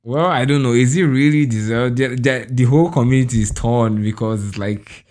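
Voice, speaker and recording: A man's voice: mid-range voice, moderate pace, darkish tone. Jokey Nigerian man chatting. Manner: jokey, rambling, laughs often. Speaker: podcast co-host. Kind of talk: casual podcast chat.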